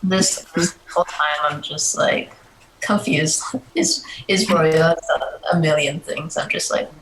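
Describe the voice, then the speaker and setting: A player in a tabletop game who speaks in a giggly, confused way. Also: slow pace. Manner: giggly and confused, lively pitch. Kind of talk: tabletop role-play. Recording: roomy echo with clear background noise.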